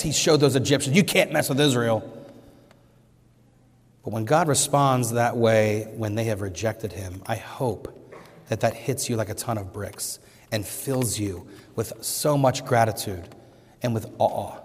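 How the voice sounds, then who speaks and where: A man's voice: lowish voice, unhurried, a little mellow, husky. Man preaching in an echoing hall. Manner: earnest, rising emphatically on scripture quotes. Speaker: pastor. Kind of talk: sermon. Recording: long reverb of a hall.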